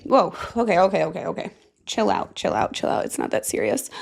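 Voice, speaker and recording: A woman's voice: mid-range voice, big pitch swings, normal speed, vocal fry. A woman hosting a casual solo podcast, goofy and self-mocking, with plenty of swearing. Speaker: podcast host.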